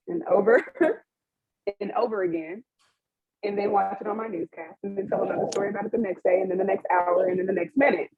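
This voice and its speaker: A young woman speaks candidly on a webinar panel, her voice husky and breathy. The sound is dry and narrow like a phone line, recorded over a video call. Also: on the low side, dry recording. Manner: open and emotional, with frequent laughs and fillers.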